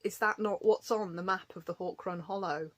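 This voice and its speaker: A woman's voice: medium pitch, steady tone, normal speed. A woman chatting casually to camera in a home craft vlog, rambling from topic to topic and laughing often. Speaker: craft vlogger.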